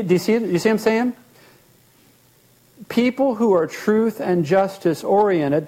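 A man teaching as a therapist, animated, often acting out short bits of dialogue and repeating words as he explains. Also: sits high, normal speed, pauses often.

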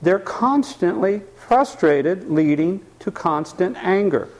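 Speaking slowly in a high voice, a man teaches about anger to a live audience. His delivery is lively, full of questions to listeners and acted-out quotes.

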